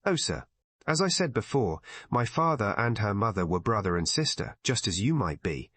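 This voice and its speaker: A man's voice: lowish voice, sing-song, moderate pace, fairly bright tone, breathy edge, dry recording, exaggerated voice. Man doing a blunt American man. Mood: explaining. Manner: blunt, abrupt speech. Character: pugnacious American man of thirty-five, blunt.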